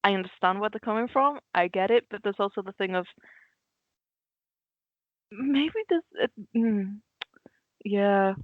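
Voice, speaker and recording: A woman's voice: medium pitch, measured pace, pauses often, no room sound. A woman co-hosting a film podcast, chatting animatedly and acting out characters' lines as she talks. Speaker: podcast co-host. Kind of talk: casual film discussion. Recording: slightly dull lo-fi mic.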